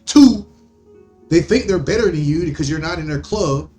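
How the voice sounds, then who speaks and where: A man's voice: on the high side, lively intonation, normal speed, dark tone, faint music behind. A man hosting a podcast, ranting in a profane, rambling monologue full of stammering restarts. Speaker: podcast host.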